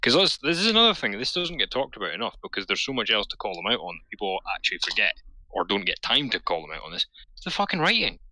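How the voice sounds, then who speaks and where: A man co-hosting a podcast, talking in a casual, animated and sweary way. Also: fairly low pitch, fast talker, no echo, poor audio. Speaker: podcast co-host. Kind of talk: casual chat.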